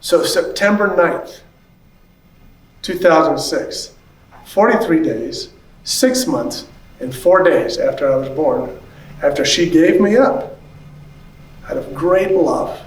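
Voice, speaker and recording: A man in his fifties, a pastor telling a personal story at a conference. He talks in an animated way and acts out the voices of the people he quotes. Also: fairly high pitch. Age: 50s. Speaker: pastor and church consultant. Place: large conference hall. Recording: echoey hall, voice from a distance.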